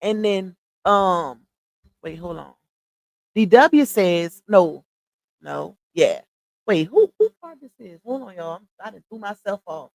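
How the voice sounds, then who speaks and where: A woman hosts a casual livestream in an unhurried, drawn-out way. Her voice sits at an ordinary pitch. The sound is dry and close, with no room around it. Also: sing-song, gravelly, no room sound, low-quality recording. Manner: chatty, addresses viewers as y'all, often pauses to find screenshots. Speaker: livestream commentary host.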